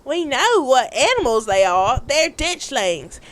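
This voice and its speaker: A drawling young Southern woman from a story game, breezy and playful, as a woman puts her on. The voice sits fairly high and swings widely. Her accent is a put-on Mississippi one. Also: very animated, measured pace. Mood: chatty.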